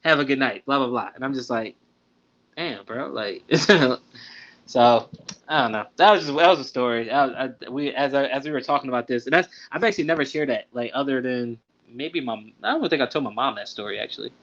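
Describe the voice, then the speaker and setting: A man's voice: mid-range voice, brisk, fairly bright tone. A young man talking loosely on a podcast, telling a personal story full of fillers and asides. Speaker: podcast co-host. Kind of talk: casual storytelling. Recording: dull lo-fi sound.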